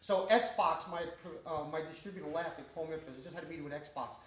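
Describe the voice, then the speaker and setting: A man's voice: a little high, fast, slight background noise. A man, an independent filmmaker telling profane, laughing stories to an audience after a screening. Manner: profane, laughing, animated storyteller. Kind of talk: casual storytelling Q&A. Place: small cinema screening room with an audience. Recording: echoey room from far off, audience chatter.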